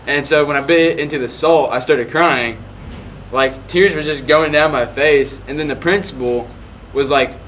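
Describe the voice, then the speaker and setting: A man's voice: fairly high pitch, fairly bright tone, a little hiss or hum. A young man casually telling a rambling story, full of "like" fillers.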